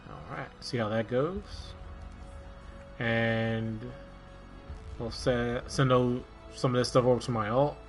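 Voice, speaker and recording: Male streamer from Maryland, relaxed rambling play-by-play. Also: medium pitch, slow, long pauses, faint music behind. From Maryland, USA. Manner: rambling, relaxed, talks to himself while playing. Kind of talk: casual gameplay commentary.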